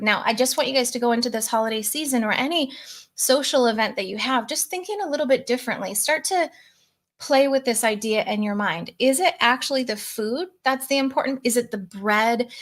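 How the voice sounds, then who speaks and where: Coach host, middle-aged woman, slightly high voice, chatty live-stream delivery. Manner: chatty, reads out viewer comments. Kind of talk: casual coaching talk to a live audience.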